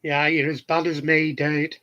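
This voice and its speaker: A man's voice: a little high, level tone, measured pace, bright, forceful tone, muffled recording. A middle-aged man with a Yorkshire accent, telling cheeky anecdotes in casual chat to his viewers from his shed. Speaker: hobbyist vlogger answering viewers. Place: home garden shed.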